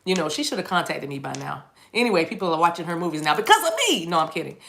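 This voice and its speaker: A woman's voice: low voice, big pitch swings, racing, gravelly, fairly bright tone. A woman giving a casual, rambling tarot reading to camera, chatty and playful, often restarting her sentences. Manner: chatty and playful, jumps into silly voices and laughs. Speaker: tarot reader.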